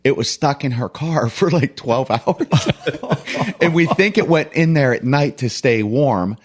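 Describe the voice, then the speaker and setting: Male co-host, animated storyteller who voices the people in his stories, mid pitch. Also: unhurried. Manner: animated storyteller, acts out quoted voices, laughs while telling. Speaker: coach and podcast co-host. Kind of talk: casual storytelling chat.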